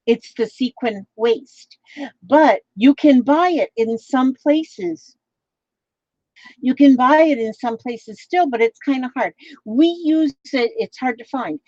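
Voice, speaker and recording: Rambling, chatty woman with a slightly high voice. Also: slow pace, dark tone, no echo, dull audio. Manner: rambling, chatty, many fillers. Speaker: craft vlogger. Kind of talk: casual chat.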